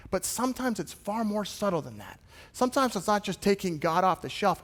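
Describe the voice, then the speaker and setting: High-voiced male pastor in a reverberant hall. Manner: animated, casual storytelling retelling scripture. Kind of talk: sermon. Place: church sanctuary. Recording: long reverb of a large hall.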